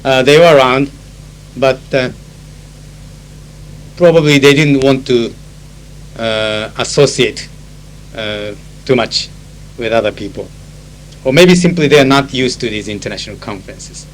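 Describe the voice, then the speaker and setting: A man's voice: mid-range voice, unhurried, pauses often, rough recording. Japanese-accented guy telling interpreter stories, lots of uh's, old tape with a faint hum. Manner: switches into Japanese to explain phrases; chatty, anecdotal, with many uh fillers. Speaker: conference interpreter. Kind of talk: recorded spoken diary.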